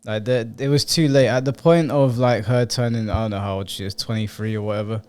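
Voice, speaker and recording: A man's voice: on the low side, steady tone, a little fast, darkish tone, clean tone. A man co-hosting a casual reaction video, trading crude, laughing banter. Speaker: reaction co-host.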